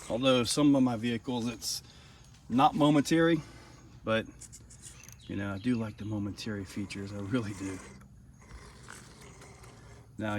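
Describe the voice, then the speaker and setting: A middle-aged man casually commenting while driving an RC crawler outdoors, chatty and easily excited, laughing often. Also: fairly low pitch. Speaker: RC hobby reviewer. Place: outdoors on a rock trail. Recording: distant mic, faint outdoor noise.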